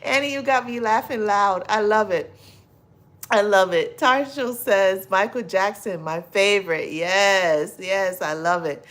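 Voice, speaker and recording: A middle-aged woman hosting a casual livestream, reading viewer comments aloud, effusive and quick to laugh. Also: mid-range voice, expressive. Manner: warm, effusive, laughs often and loudly. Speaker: livestream host.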